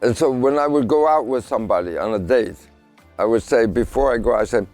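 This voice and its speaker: Older guy, science type, telling a story all lively, acts out what everyone said. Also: medium pitch, racing, faint music behind. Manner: lively storyteller who acts out his own quoted lines. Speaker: guest scientist. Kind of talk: casual storytelling interview.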